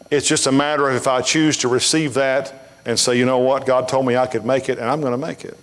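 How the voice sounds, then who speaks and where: His delivery flat and brisk, a medium-pitched pastor preaches in a church sanctuary, telling folksy tales bluntly and building to emphasis. The sound has the long hall reverb typical of a church.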